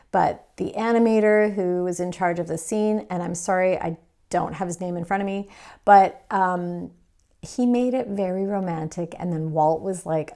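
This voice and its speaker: A woman talks through a painting lesson in an easygoing, chatty way. Her voice has a gravelly, fry-laden texture. She jokes about herself and laughs easily as she explains each step. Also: fairly low pitch, fairly even intonation, mellow. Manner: chatty, playful, quick to laugh, self-deprecating. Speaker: painting instructor. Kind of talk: casual painting tutorial.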